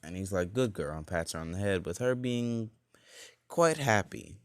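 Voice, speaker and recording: A low-voiced man tells a fan-made story off the cuff. He rambles and keeps reaching for fillers as he goes. The sound is dry and close. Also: animated, moderate pace, no room sound. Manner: rambling, full of "like" and "you know". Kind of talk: casual fan-fiction storytelling.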